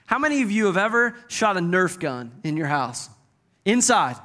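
A man in his thirties preaching a sermon as a pastor, in a folksy, joking and animated way. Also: high voice, moderate pace.

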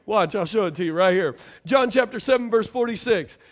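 A man preaching a sermon, lively and conversational, acting out the people in the story with sudden jumps in pitch and loudness. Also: fairly quick. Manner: animated, acts out quoted characters with jumps in pitch and volume. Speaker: pastor.

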